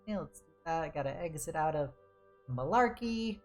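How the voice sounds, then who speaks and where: A woman's voice: low-pitched, steady tone, fast, a little mellow, faint music behind. A young woman streaming a game, chatting casually in a rambling way and laughing often. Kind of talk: casual chat while gaming. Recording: roomy echo.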